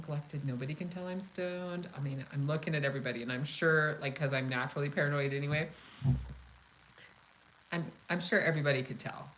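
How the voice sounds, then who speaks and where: A woman hosting a cooking channel, chatting casually and telling a story in a frank, profane, animated way. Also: mid-range voice, poor audio. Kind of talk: casual live chat storytelling.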